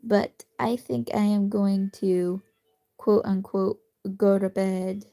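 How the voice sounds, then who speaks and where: A woman chatting casually on a late-night phone livestream from her bed, rambling and self-deprecating, sometimes dropping to a soft whisper. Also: medium pitch, steady tone, slow pace. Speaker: streamer. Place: cozy bedroom at night.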